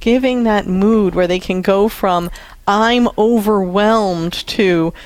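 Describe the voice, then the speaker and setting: A woman's voice: medium pitch, takes it slowly, a little mellow, dry recording. A woman co-hosting an advice talk show, earnestly explaining parenting routines to a caller. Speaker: radio show co-host, counselor.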